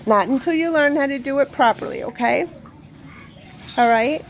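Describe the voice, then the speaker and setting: Giggly high-voiced woman with squawking birds. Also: moderate pace. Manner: giggly, cooing baby talk to her parrot. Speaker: parrot-keeping vlogger. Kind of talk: casual vlog talk. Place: home with pet birds. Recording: noisy, squawking birds behind.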